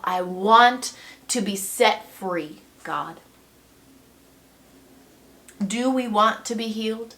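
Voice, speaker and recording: A woman teaching from scripture in a devotional talk at an unhurried, deliberate pace. Her voice sits at an ordinary middle pitch, and her delivery is earnest and reflective. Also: fairly bright tone.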